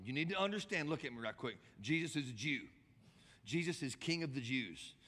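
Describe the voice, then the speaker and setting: Impassioned pastor in a big echoing church. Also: male voice, a bit bright. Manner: impassioned preaching, rising to high emphatic bursts. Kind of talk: sermon. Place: large church hall. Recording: long church hall reverb.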